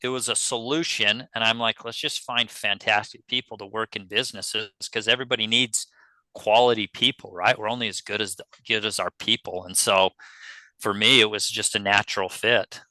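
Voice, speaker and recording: Bright, crisp-voiced man telling stories. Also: lowish voice, normal speed, dry recording, rough recording. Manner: animated storyteller acting out his own quoted dialogue. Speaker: podcast guest, pest control business owner. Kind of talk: casual conversational storytelling.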